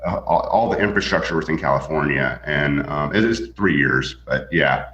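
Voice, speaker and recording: A man's voice: very deep voice, moderate pace, fairly bright tone, slight background noise. A man who works as a real estate broker, telling stories as a guest in a casual interview with many fillers and restarts. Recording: echoey, dull lo-fi sound.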